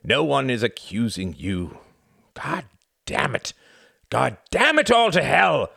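A man's voice: mid-range voice, lively intonation, vocal fry, breathy edge, dry recording, clean studio sound, heavily acted. A man voicing a furious, foul-mouthed British official. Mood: enraged. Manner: shouting, cursing, drawn-out.

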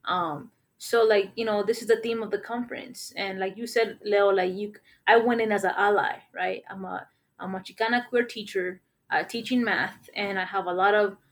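A woman's voice: medium pitch, steady tone, normal speed. A woman who teaches middle school math, telling a story in casual conversation, with lots of filler words and Spanish words mixed into her English. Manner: rambling, many fillers, mixes in Spanish words.

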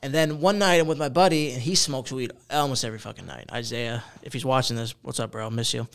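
Gravelly young man telling a wild story. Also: mid-range voice, fast. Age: 20s. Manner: animated storyteller, heavy swearing and slang. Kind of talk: casual chat.

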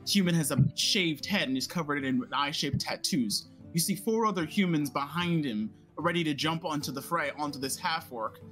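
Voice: mid-range voice, fairly bright tone, soft background music. Game master narrating a tavern scene. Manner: narrates scenes with halting fillers.

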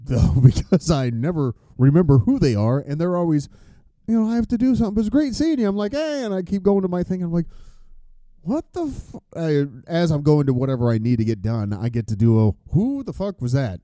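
A man's voice: mid-range voice, animated, brisk, mellow, dry recording, clean studio sound. Rambling, profane male podcast host. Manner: rambling, profane, loses his train of thought. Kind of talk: casual chat.

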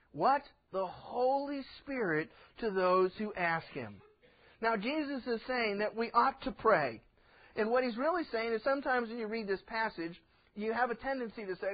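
A man's voice: high-pitched, very animated, moderate pace, lo-fi sound. A man preaching a sermon as pastor, folksy, acting out little voices in his stories.

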